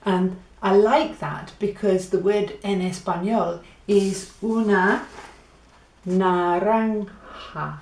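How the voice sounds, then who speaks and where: A woman's voice: on the low side, a little mellow, a little hiss or hum. A woman teaching a playful Spanish lesson, acting out silly laughs and animal noises as she demonstrates sounds. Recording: echoey room.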